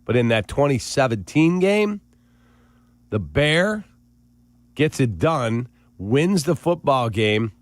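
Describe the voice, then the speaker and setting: Lively sports radio co-host man. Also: medium pitch, slow, no room sound. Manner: rattles off game stats and scores.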